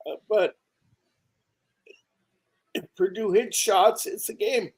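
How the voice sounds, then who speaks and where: A man on a sports betting show giving casual analysis in a measured, matter-of-fact way. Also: sits high. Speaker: panelist.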